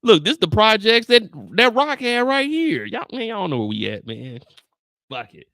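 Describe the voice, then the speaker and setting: Animated, exasperated man streaming to chat. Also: sits high, moderate pace, no room sound, clean studio sound. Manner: animated, exasperated, swears freely, talks to chat. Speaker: show reaction streamer. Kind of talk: casual livestream chat with viewers.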